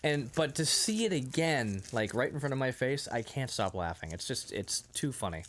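Animated man recapping a movie. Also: medium pitch, moderate pace, slight background noise. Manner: animated, acts out movie lines, laughs often. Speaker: podcast co-host. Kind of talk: casual movie recap chat.

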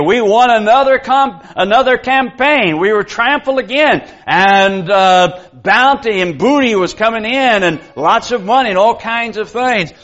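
A man's voice: sits high, a bit bright. A man teaching a Bible lesson to a congregation in a folksy, conversational way. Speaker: preacher. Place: church. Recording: dull lo-fi sound.

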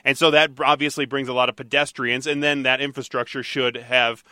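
A man hosting a talk radio show, chatting and teasing his co-host in a lively, animated way. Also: medium pitch, fairly quick, clear, resonant tone, no echo, clean studio sound. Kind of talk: casual talk radio banter.

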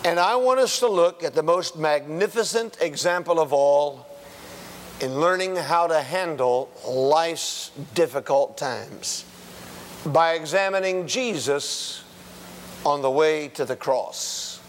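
A man's voice: a little high, slow, in a large hall, slight background noise. A man preaching a sermon as pastor, in a conversational way with folksy asides and rhetorical questions.

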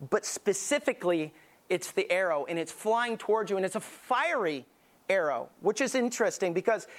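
This high-pitched man is preaching a sermon as lead pastor. He sounds emphatic and conversational, using vivid stories to drive his point home.

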